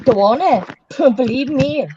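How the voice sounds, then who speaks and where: A high-voiced middle-aged woman snapping back in a live-stream voice chat, curt and defiant. Her voice is dull and lo-fi, with a busy crowd of voices behind it. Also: slow. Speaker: stream caller. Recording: dull lo-fi mic with crowd noise.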